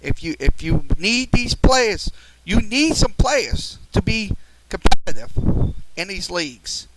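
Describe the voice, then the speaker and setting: A man's voice: high-pitched, sing-song, slow, heavy background noise. A man hosting a live-streamed sports talk show, rambling with many fillers and restarts and getting upset at a viewer. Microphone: studio mic through a mixer.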